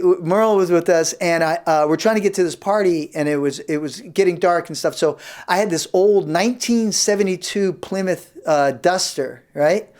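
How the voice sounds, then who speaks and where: A man in his fifties hosting a comedy show, telling rambling stand-up stories about high school. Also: darkish tone. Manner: rambling, self-interrupting. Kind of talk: stand-up storytelling.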